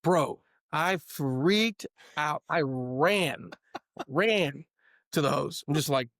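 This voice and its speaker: A man telling a story as a guest in casual chat, lively and playful, acting out the people in it. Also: a little high, extremely slow, dry recording, clean studio sound. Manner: animated, playful storyteller who acts out the other people in his stories.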